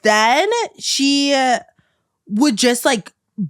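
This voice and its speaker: A woman guest in a podcast studio, telling a story in casual chat, animated and acting out quoted lines with frequent "like.". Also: sits high, very slow, no room sound.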